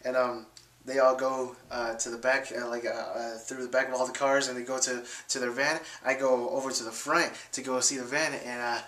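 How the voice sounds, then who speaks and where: A man's voice: medium pitch, little pitch movement, moderate pace, fairly bright tone, reverberant. A young man telling a story casually to his viewers, full of fillers and restarts, acting out quotes in a raised voice. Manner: rambling, many fillers and restarts. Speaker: vlogger.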